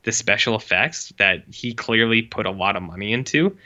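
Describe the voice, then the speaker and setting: A man talks in a rambling, sarcastic, offhand way, full of "like", in casual podcast chat. His voice sounds bright and forceful. The recording is dull and lo-fi. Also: on the low side, expressive, normal speed. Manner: rambling, sarcastic, heavy use of "like". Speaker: podcast co-host reviewing short films.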